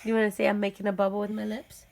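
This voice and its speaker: A woman's voice: mid-range voice, completely flat delivery, racing, gravelly, a little mellow. A young mother at home, playfully coaxing and questioning her toddler at bedtime in a casual home video.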